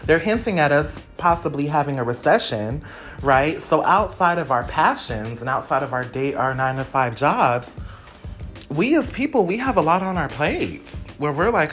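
A woman's voice: sits low, lively intonation, normal speed, fairly bright tone, soft background music. A young adult woman hosting her own podcast, talking casually and slangily, giving motivational pep talk straight to her listeners. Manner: chatty, slangy and motivational, addresses listeners directly. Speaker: podcast host.

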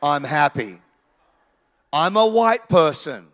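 An Australian pastor preaching with a higher-than-usual voice for a man. His delivery is lively and conversational, with humorous asides. His voice carries a long echo from a large hall. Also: takes it slowly. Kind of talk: sermon. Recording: reverberant church hall.

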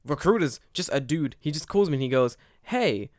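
A man's voice: on the high side, fast talker, no echo, studio quality. A young man in casual podcast chat, telling a story with swearing and acting out quoted dialogue. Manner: animated, profane, acts out quoted dialogue. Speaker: podcast co-host.

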